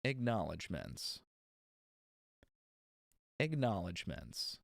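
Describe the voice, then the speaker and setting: Low and creaky, with pitch that swoops wildly, this man's voice comes through clean studio sound with no room echo. He reads an audiobook slowly on a livestream, doing retakes, and fills the gaps with casual chat and exasperated asides.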